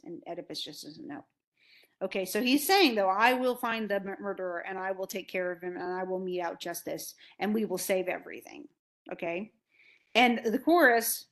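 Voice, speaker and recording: A woman teaching literature in a loose, conversational lecture. She slips in and out of the characters' voices as she retells the story. Her pitch sits at an ordinary middle level for a woman. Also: a bit bright. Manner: casual, acts out characters' lines in paraphrase. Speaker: literature instructor. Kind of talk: recorded lecture retelling a play.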